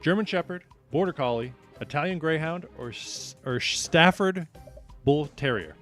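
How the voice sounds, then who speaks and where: A man's voice: on the high side, normal speed, a bit bright, soft background music. A man hosting a live trivia night, upbeat and joking, reading out questions and answers and teasing the players. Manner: upbeat, joking, self-deprecating.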